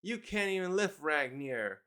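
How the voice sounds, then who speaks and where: A man's voice: on the high side, big pitch swings, a little slow, bright, forceful tone, clean tone, exaggerated voice. A man reading a scheming male giant villain's threats aloud in a mocking tone, as a manga reviewer. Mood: taunting.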